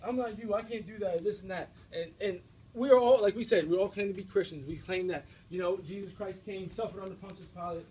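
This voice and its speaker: A young American man giving an energetic, direct faith talk to a student audience, often checking in with his listeners. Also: high voice, fairly quick, breathy edge, low-quality recording. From United States. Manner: energetic, direct, preachy, with frequent checks like "all right?". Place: university room before an audience.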